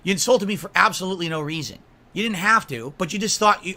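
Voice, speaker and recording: A man's voice: sits high, expressive, fast, pushed and bright. A man delivering an angry, profane rant, scolding and mocking someone at length. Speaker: streamer.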